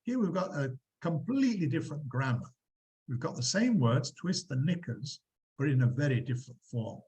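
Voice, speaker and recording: A man lecturing a university class, explaining examples with animated emphasis and quizzing students. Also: on the high side, moderate pace, poor audio. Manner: lively, quizzing students, acting out quotes.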